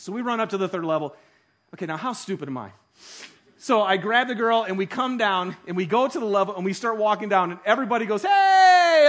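A man preaching a sermon, telling stories with animated delivery that swings from hushed to loud. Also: high-pitched. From Detroit. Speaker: pastor.

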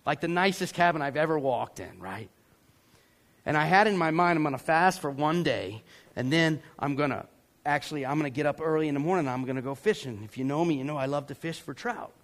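Animated man preaching. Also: on the high side, brisk. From Georgia, US. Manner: animated, acts out voices and yells for effect. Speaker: pastor. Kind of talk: sermon storytelling.

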